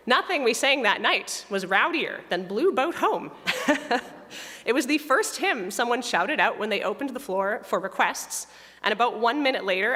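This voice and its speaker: A woman's voice: mid-range voice, pushed and bright. A woman music director speaking to a congregation in a chatty, self-deprecating way, with her voice giving out a little. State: losing her voice. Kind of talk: spoken reflection in a church service. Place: church sanctuary. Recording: long hall reverb.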